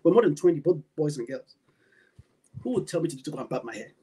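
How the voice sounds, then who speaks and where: A man's voice: a little high, big pitch swings, fast talker, warm tone, slight background noise, low-quality recording. A man with a Nigerian English accent, speaking as a panel guest and giving impassioned commentary that repeats points for emphasis. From Nigeria, Benin (Edo). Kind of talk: impassioned talk-show commentary.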